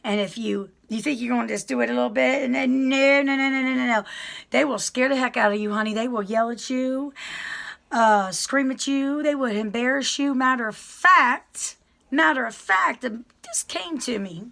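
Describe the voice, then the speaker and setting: A woman's voice: on the high side, moderate pace, gravelly, bright, forceful tone. A middle-aged woman telling her story to viewers in a chatty, rambling way, often apologizing and restarting her sentences. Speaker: vlogger sharing her prison experience.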